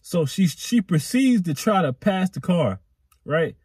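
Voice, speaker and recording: A man's voice: high voice, a little slow, slightly rough, dry recording, studio quality. A young man rambling through a storytime vlog, repeating himself and dropping slang as he goes. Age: young adult. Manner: animated, rambling, repetitive slang. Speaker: vlogger.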